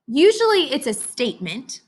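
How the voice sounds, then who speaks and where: A woman's voice: high-pitched, big pitch swings, moderate pace, a little mellow. A woman teacher giving a read-aloud phonics lesson to young children, encouraging them and talking to them as if they could answer. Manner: sing-song, encouraging, talks to kids as if they can answer.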